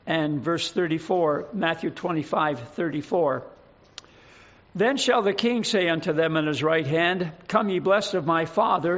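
A male pastor delivers a sermon in a high voice, praying and reading scripture in a deliberate, measured way. The recording sounds a little muffled. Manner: prayerful, measured, reading scripture in King James wording.

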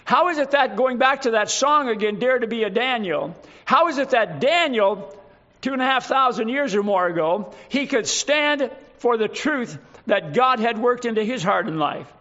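A man preaching a sermon in a slow, emphatic way, reading scripture aloud and explaining it. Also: very high voice, animated, pushed and bright, highs cut off.

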